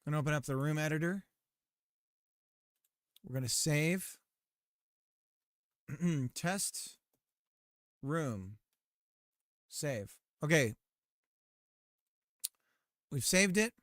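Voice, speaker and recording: A man streams himself coding a game and chats in a loose, joking way, laughing easily and reading errors off the screen. His voice sits a touch high for a man. It is recorded close on a mic in a dry space with no room sound. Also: a bit bright, no room sound. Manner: jokey, laughs often, reads errors aloud. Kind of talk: casual live-stream chat while coding.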